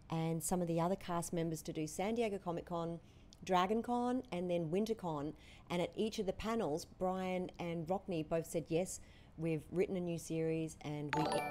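A woman's voice: on the low side, warm tone. An Australian woman hosting a casual streamed chat, enthusiastic and playful. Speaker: streaming host.

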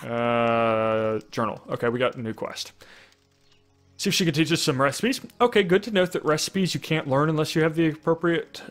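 A man's voice: on the high side, normal speed, soft background music. A man giving casual gameplay commentary, thinking aloud with wry asides and frequent restarts. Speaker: let's play commentator.

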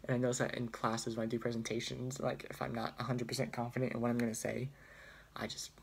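Rambling young man with gravelly voice. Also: medium pitch, level tone, fast, a little hiss or hum. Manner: rambling, hesitant, self-deprecating. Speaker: student vlogger. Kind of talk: casual chat. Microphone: phone.

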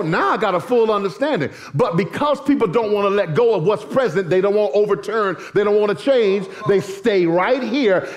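A middle-aged male pastor preaching a sermon in church, telling stories with folksy asides to the congregation. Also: high-pitched. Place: church sanctuary.

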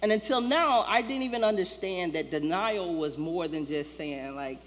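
A woman's voice: fairly low pitch, moderate pace. A woman pastor preaching a sermon in a loose, conversational way, acting out the lines she quotes. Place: church sanctuary. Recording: long church-hall reverb, faint ambience.

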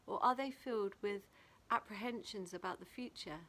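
A woman from England giving a gentle, reflective daily devotional, reading a passage and a prayer and adding her own thoughts. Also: medium pitch, normal speed. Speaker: church devotional leader. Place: small garden playhouse. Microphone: camera video.

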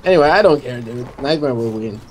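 A man's voice: mid-range voice, animated, a little fast. A man chats through a strategy game match as co-commentator, casual and sure of himself. He teases his friend as he talks. A faint hiss runs under the recording. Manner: casual, teasing, confident.

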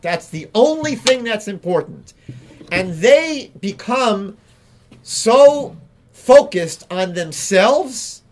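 A rabbi telling a teaching story in a slow, deliberate way, repeating key phrases. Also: male voice, high-pitched, lively intonation. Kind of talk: storytelling lesson.

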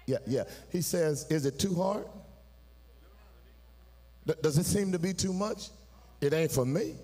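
A pastor preaches live in a church, his fairly high voice rising from quiet, confiding lines into sung, shouted peaks. He calls out to the congregation for answers as he goes. The sound carries the long reverb of a large sanctuary. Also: measured pace. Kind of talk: sermon.

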